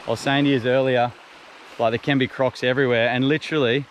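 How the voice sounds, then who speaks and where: A young man fishing and filming outdoors on a mangrove beach, talking casually and exclaiming loudly when excited. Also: mid-range voice, fast, slight background noise. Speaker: fishing adventure vlogger. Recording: background music over outdoor audio.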